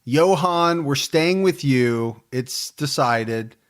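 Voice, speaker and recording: Male host, mid-range voice, relaxed and chatty, quick to laugh. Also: medium pitch. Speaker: podcast host. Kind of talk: casual chat.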